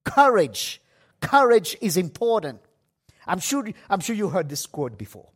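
Slow, emphatic male preacher. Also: high voice, sing-song, slightly rough. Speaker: pastor. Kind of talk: sermon. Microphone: livestream setup.

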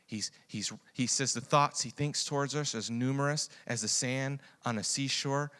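A man delivers a sermon in a bright, forceful voice. He moves between hushed, reflective passages and loud, excited retellings, laughing often as he goes. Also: medium pitch, a little slow. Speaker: preacher.

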